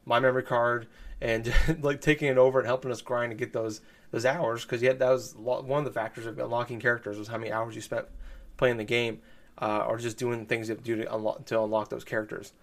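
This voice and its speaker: A man's voice: medium pitch, little pitch movement, fast talker. A man chatting casually about video games on a podcast, rambling with lots of fillers and restarts. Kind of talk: casual gaming podcast chat.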